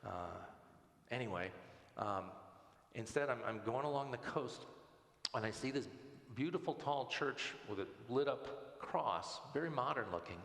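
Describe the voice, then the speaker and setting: Gravelly-voiced man telling his faith story. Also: mid-range voice, expressive, a little slow, a bit bright. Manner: conversational, stumbles and repeats words. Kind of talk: personal storytelling talk. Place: church. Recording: echoey church hall reverb.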